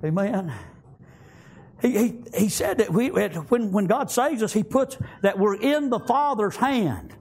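A middle-aged man preaching a sermon, shouting in bursts, with folksy grammar and frequent amens. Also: high voice, lively intonation, measured pace, breathy edge.

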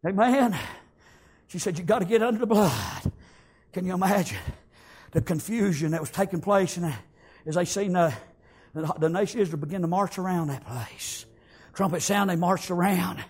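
A man preaching a sermon, acting out the story, shouting some lines and whispering others. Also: high voice, moderate pace, slightly rough.

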